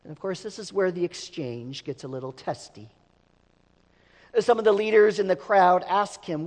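A man's voice: high-pitched, moderate pace. A man preaching a sermon as pastor, emphatic, sometimes repeating words as he restarts. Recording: long reverb of a large hall.

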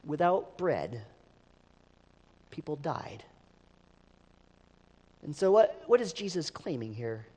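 A man's voice: a little high, sing-song, takes it slowly, long pauses, darkish tone, breathy edge. A man preaching a sermon as pastor, emphatic, sometimes repeating words as he restarts. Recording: long reverb of a large hall.

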